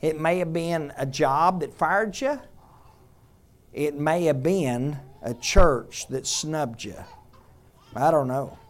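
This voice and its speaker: A man preaching a sermon in a conversational way, quizzing the congregation and dropping to a hush on tender points. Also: fairly high pitch, takes it slowly. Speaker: pastor.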